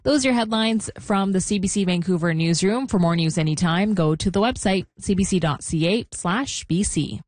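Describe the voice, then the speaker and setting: A woman reading the radio news headlines in a steady, measured way. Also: on the low side. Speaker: newsreader.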